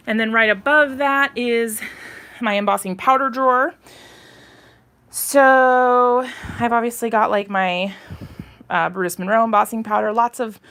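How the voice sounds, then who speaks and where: A woman's voice: fairly high pitch, a bit bright. A woman, chatting on a live stream as she tours her home craft room, slightly out of breath and rambling with fillers. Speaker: craft channel host.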